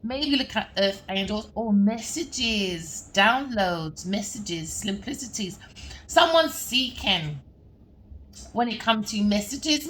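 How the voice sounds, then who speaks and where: A woman's voice: on the high side, a bit bright, a little hiss or hum. A woman giving a spoken tarot reading to her viewers in a rambling, repetitive flow, often checking in with "okay?" or "all right?". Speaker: tarot reader.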